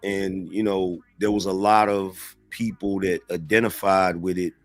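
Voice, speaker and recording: A man being interviewed, telling stories in a relaxed, slangy way. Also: deep voice, a little slow, no room sound. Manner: relaxed, slangy street talk. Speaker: interview guest, online commentator. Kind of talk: casual storytelling in an interview.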